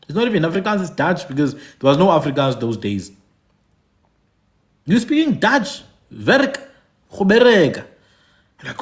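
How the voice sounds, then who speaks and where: A man's voice: sits high, big pitch swings, a little slow, long pauses. A man from Africa, giving emphatic commentary, repeating his points and asking "hmm?". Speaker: podcast host. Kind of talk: animated commentary.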